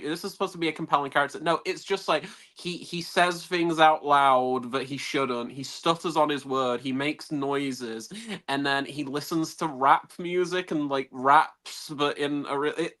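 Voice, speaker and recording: A man in a casual film podcast chat, rambling and animated, restarting sentences and laughing often. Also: on the high side.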